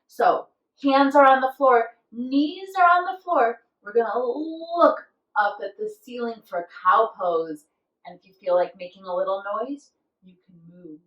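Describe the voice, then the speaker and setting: A woman with a slightly high voice guides children through a yoga class, unhurried and encouraging. She is recorded in an echoey room from a little way back from the mic. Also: expressive, recorded from a distance, muffled recording. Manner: slow, gentle, encouraging instructions with playful animal noises. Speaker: kids' yoga teacher.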